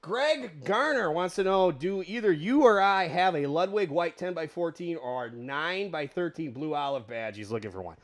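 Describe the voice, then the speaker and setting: A man's voice: fairly high pitch, animated, normal speed, hardly any pauses. A man hosting a live drum chat, rambling eagerly and stumbling over his words like a fan. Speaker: host. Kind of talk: casual chat, live stream.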